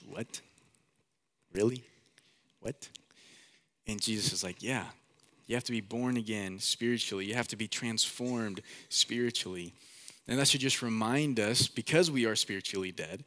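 Young male pastor, casual preacher, animated delivery with acted-out voices, mid-range pitch. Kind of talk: sermon.

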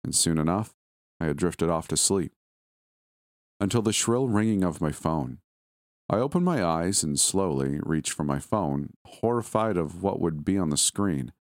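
A man reading a scripted first-person horror story in a steady, measured way. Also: low-pitched, dry recording, clean studio sound.

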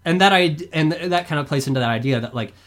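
A young adult man, a podcast guest, talking in a rambling, animated way full of filler words. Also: a little high, fast. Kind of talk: casual discussion.

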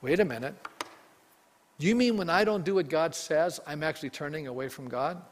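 A pastor preaching a sermon with emphasis and frequent questions put to the congregation. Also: male voice, fairly high pitch, fairly quick, big-room sound, slight background noise.

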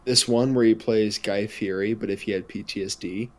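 A man's voice: on the low side, fairly even intonation, normal speed. A young man co-hosting a podcast, rambling and hesitant in casual chat. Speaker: podcast co-host.

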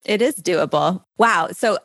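A woman hosts an interview and reacts quickly to her guest. Her voice swings widely in pitch. The sound is close and dry. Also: expressive, creaky, fairly bright tone, dry recording. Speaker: podcast host. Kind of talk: interviewer asking questions.

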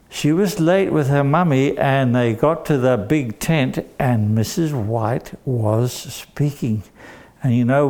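Slow, gravelly storyteller man. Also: medium pitch. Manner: gentle, expressive, addresses children directly. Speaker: children's storyteller. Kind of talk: storytelling to children.

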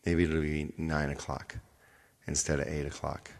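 A man's voice: rumbling low, little pitch movement, normal speed, big-room sound. A man hosting a live stream as its singer, chatting casually with viewers, thanking them by name and thinking aloud.

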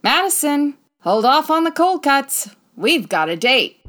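A woman's voice: high voice, very animated, a little slow, fairly bright tone, slight background noise, exaggerated voice. A woman playing a confident, breezy female private detective in 1940s radio style, arch and theatrical.

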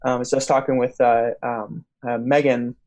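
A man's voice: mid-range voice, level tone, moderate pace, darkish tone. Rambling young man telling a story. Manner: rambling storyteller with many fillers and restarts. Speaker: podcast host. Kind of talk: casual chat.

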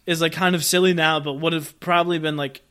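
A man's voice: fairly high pitch, level tone, fast, a bit bright, slight background noise. A man co-hosting a casual film review podcast, explaining scenes with enthusiasm and chuckling as he talks. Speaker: podcast co-host.

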